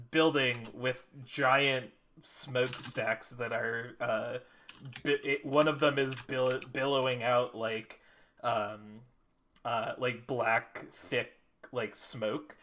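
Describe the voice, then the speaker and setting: A game master narrates a tabletop game at a slow, halting pace, full of fillers. His voice is bright and forceful. He is heard over an online call. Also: mid-range voice.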